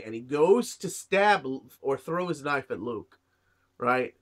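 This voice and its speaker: A man's voice: medium pitch, animated, slow pace. A man who is sick and coughing, casually reviewing a manga chapter and rambling with many fillers. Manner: rambling, lots of "you know" and "uh". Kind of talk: casual chat.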